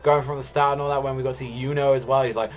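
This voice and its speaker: A young man at an ordinary middle pitch, talking through a manga chapter in loose, unscripted chat. He rambles, leans on filler words in nearly every phrase, and swears freely. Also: level tone, very fast, a little hiss or hum. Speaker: manga reviewer. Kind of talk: casual chat review.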